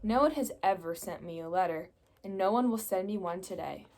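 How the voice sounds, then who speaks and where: Young woman doing a storybook toad, male, glum, grumpy, sulky, slightly lowered voice. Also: brisk, a little mellow, a little hiss or hum, lightly acted.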